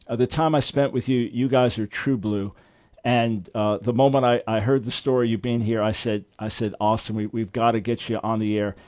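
A man's voice: medium pitch, darkish tone, no echo. A man hosting a Christian radio talk show, speaking in an earnest, preacherly way and often repeating words as he begins a thought.

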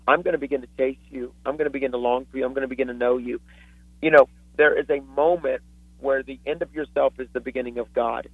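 A man's voice: medium pitch, no echo. A man preaching with fervent, earnest storytelling as a guest author on a radio talk show. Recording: dry tinny phone line.

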